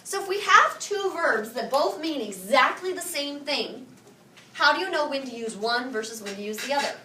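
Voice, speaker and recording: A woman teaching a Spanish review lesson to a high school class, firing questions and having students repeat after her. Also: animated, moderate pace, bright, forceful tone. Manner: drills students with call-and-response questions. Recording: echoey classroom from far off.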